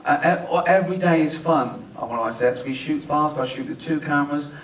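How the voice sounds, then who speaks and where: A man with an English accent, fairly high-pitched for a man, joking and self-mocking while he talks about his film and often laughing. He is picked up from some distance in an echoey hall, with a faint hiss underneath. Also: fairly quick, a bit bright. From England. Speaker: writer-director and actor. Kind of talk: press conference chat. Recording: roomy hall, distant mic.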